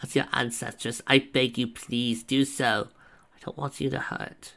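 A man's voice: mid-range voice, moderate pace, gravelly, a bit bright. A man voicing a sorrowful female ancestral spirit who speaks in an earnest, pleading way.

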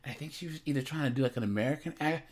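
A man casually rambling in reaction commentary, speaking slowly and often calling his viewers "guys" and "man". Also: medium pitch.

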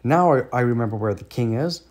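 A man's voice: medium pitch, lively intonation, normal speed, darkish tone, close to an everyday voice. A man with an American accent voicing a sly, smirking male fox who purrs false kindness in a storybook read-aloud. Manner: sly, purring, falsely kind.

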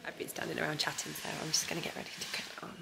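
A young woman, under the weather with a bad cold, chats casually to her camera with a faint lisp. Her voice sits slightly low, and she rambles in a relaxed, self-mocking way. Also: very fast, vocal fry, noisy background. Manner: chatty, rambling, self-deprecating. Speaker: equestrian vlogger. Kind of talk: casual vlog chat.

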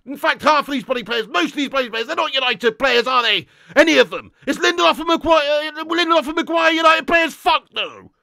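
A young man ranting angrily and loudly as host of a live football watch-along, swearing constantly. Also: extremely high pitch, a little fast, vocal fry, hardly any pauses, no echo. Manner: angry, sweary, loud ranting. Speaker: football fan livestream host.

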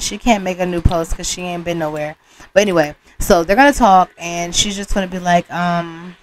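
A woman's voice: fairly low pitch, steady tone, moderate pace, slight background noise. Chatty woman narrating her sims game. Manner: chatty, slangy, informal. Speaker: Sims gameplay storyteller. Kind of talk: casual gameplay commentary.

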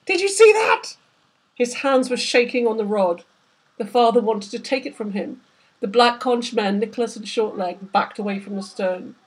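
A woman's voice: on the high side, fairly even intonation, moderate pace, slightly rough. A woman, the author, reading aloud from her novel with vivid, dramatic storytelling. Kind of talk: literary reading.

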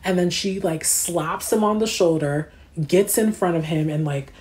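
Slangy livestreaming woman, low voice. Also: moderate pace. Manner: slangy, animated storytelling that answers chat comments. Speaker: livestream host. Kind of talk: casual livestream chat.

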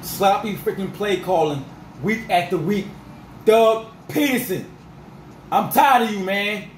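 A man ranting as a sports fan vlogger, fired up and repetitive, his voice going rough. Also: high-pitched, unhurried, reverberant, a little hiss or hum, rough recording. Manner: fired-up, repetitive, peppered with 'freaking' and 'dog'.

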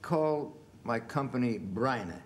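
Man, sixties, film actor guest, animated storyteller, acts out quotes, faint background noise. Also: mid-range voice, unhurried. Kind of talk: relaxed anecdotal storytelling. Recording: faint background noise, 1970s television interview.

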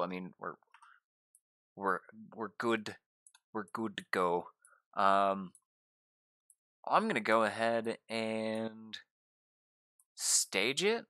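Excitable young male streamer, lowish pitch, bright forceful tone, dry close mic, gushing to viewers. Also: dry recording. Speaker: gaming YouTuber. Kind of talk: casual gameplay commentary.

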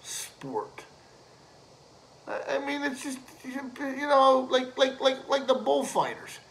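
A man with a high, bright voice rants at a slow, drawn-out pace. He swears constantly, leans on fillers and laughs at his own jokes. The delivery is crude and rambling. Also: fairly even intonation, creaky, slight background noise, low-quality recording. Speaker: host ranting to camera. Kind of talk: profane rambling rant.

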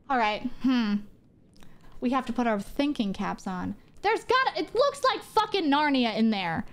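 A young woman streaming a horror game from her home office, excitable and jokey, swearing and jumping into squeals. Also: fairly high pitch, normal speed. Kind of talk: live gameplay commentary.

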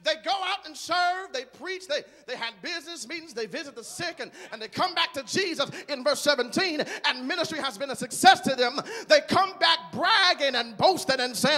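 A man preaching a sermon in a large church, moving from quiet talk to shouted, rhythmic preaching. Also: extremely high pitch, animated, moderate pace, few pauses, big-room sound. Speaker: guest preacher.

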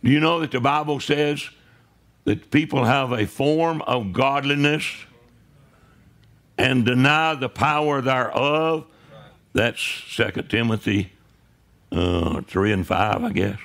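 This pastor preaches slowly in a medium-pitched, fairly bright voice. Standing in a church sanctuary, he treats the sermon as a conversation, regularly checking in with listeners and adding "right?" asides.

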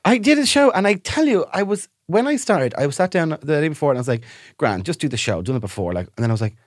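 An Irish man, a comedian co-hosting a podcast, telling stories quickly and with animation, swearing and laughing in casual chat. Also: fairly high pitch, sing-song, no room sound, studio quality.

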